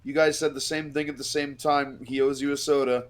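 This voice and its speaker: A man's voice: medium pitch, little pitch movement, brisk. A young man riffing in casual banter over gameplay, rambling and laughing often. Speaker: let's play commentator. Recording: game music underneath.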